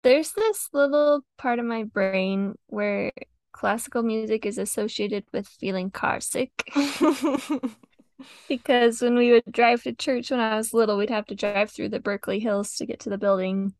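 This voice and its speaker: A young woman chats easily about music, laughing often and filling her talk with "like". Her voice carries a gravelly fry and sits close on a dry mic. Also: on the high side, measured pace, a little mellow, no echo. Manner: chatty, giggly, lots of "like". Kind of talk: casual chat reviewing songs.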